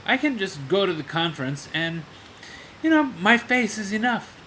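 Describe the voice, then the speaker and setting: A man's voice: high voice, big pitch swings, moderate pace, pushed and bright, a little hiss or hum, voice pushed up, exaggerated voice. A man mimicking his vain, demanding boss in a raised, pompous, indignant voice. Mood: smug. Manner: pompous, self-satisfied, then whiny and indignant. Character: vain, demanding middle-aged male boss.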